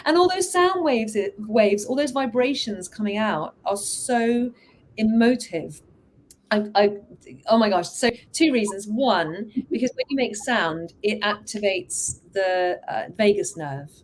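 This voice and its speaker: An enthusiastic woman coach talks through her ideas in a relaxed, conversational way, slipping into bright, lively voices when she quotes others. Her voice sits in a middling pitch, and a faint hiss of noise runs underneath. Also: slow pace. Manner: enthusiastic, expressive, animated quoting. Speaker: hypnotherapist and vocal coach. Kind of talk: casual conversational explanation.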